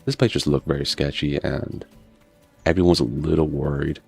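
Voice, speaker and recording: A man with an extremely deep, gravelly voice tells food stories in loose, casual gaming chat. He drifts from story to story, swears freely and laughs a lot. Soft game music plays faintly behind him. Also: steady tone, a little fast. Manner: laid-back storytelling, swears, laughs often. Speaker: gaming streamer.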